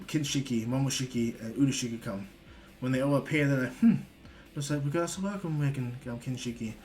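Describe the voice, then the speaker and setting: Rambling male storyteller. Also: medium pitch. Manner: rambling, many fillers. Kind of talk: casual story retelling.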